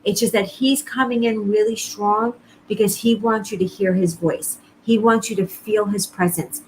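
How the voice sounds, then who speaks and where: Earnest woman medium, soft hiss behind. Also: mid-range voice, steady tone, normal speed, low-quality recording. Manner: earnest, reassuring, repeats phrases. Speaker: psychic medium. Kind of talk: live-streamed reading, casual talk to viewers.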